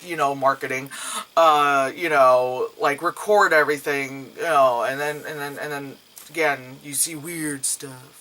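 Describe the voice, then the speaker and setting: Young male vlogger, bright tone, profane rambling reviewer, slips into quick character impressions. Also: a little high, poor audio. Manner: profane, rambling, acts out characters' lines in raised voices. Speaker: movie reviewer. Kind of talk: casual spoken movie review.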